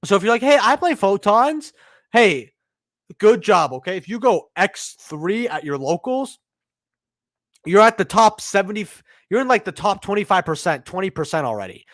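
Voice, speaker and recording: A young man hosting a live stream chats casually and rambles through stories full of slang, swearing and the word "bro." His voice sits high with lively intonation and a fairly bright tone, at a moderate pace. The recording is dry and studio quality.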